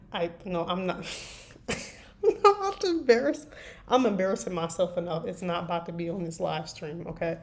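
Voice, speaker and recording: A woman with a slightly low voice talks loosely to her stream viewers as she works on her writing. She rambles and jokes at her own expense. Soft keyboard clicks tap away behind her. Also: a little hiss or hum. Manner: rambling, self-deprecating, chatting to viewers. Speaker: fanfiction writer live-streaming. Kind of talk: casual live-stream chat while writing. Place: at a computer desk. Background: faint keyboard typing and clicks.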